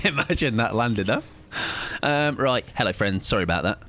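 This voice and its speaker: A man streaming a game with casual, jokey commentary, often jumping into squealing high-pitched bursts. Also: lively intonation, normal speed, pushed and bright.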